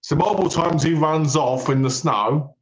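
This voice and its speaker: An animated man retelling a film's plot in casual chat and acting out its lines as he goes. His voice sits a little high for a man and carries a roomy echo. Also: normal speed. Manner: animated storyteller, retells plots with quoted lines. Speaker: podcast co-host. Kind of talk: casual film-review chat.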